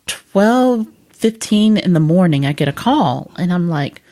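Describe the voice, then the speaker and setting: A woman's voice: lowish voice, unhurried. A woman guest telling a funny story in conversation, acting out the voices of the people in it. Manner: lively, acts out voices while telling a story.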